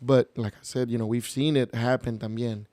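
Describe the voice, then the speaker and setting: A young adult man from Texas, a podcast guest, casually telling animated stories and slipping in Spanish phrases. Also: medium pitch, moderate pace, no echo. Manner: animated, laughing storyteller mixing in Spanish phrases. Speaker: podcast guest, mariachi musician. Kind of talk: casual storytelling chat.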